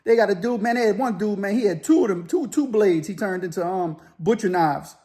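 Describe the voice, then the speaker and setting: A man telling a story casually, loosely and with animated sound effects. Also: high-pitched, a little fast. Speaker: storyteller, former inmate.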